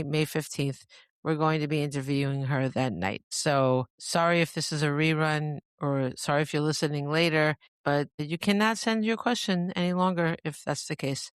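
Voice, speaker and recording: A woman's voice: sits low, clean tone, dry recording, clean studio sound. A woman hosting a podcast in a rambling, chatty monologue, often breaking into laughter. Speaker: podcast host. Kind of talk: casual monologue.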